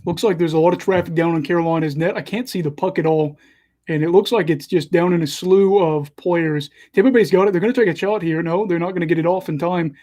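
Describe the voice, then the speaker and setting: Young male livestream host, fairly high mellow voice, casual chatty hockey commentary. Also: steady tone, brisk. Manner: chatty, self-deprecating, follows play live.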